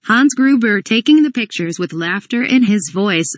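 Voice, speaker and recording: A woman's voice: mid-range voice, expressive, moderate pace, hardly any pauses, no room sound. A woman reading a humorous fan script aloud, stage directions included, sometimes spelling words letter by letter. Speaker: reader of a fan parody script.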